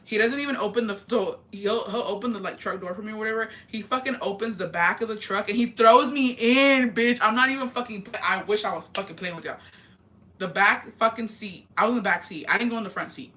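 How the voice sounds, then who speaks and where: Fast-talking young woman telling gossip. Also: mid-range voice. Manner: animated, profane, rapid storytelling. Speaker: vlogger. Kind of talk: storytime gossip vlog.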